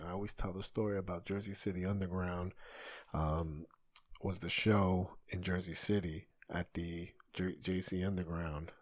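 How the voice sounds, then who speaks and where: A man in his thirties, a comedian hosting a solo podcast, talking in a rambling, conversational way that often stops and restarts. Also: low voice. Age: 30s. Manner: rambling, self-interrupting, conversational.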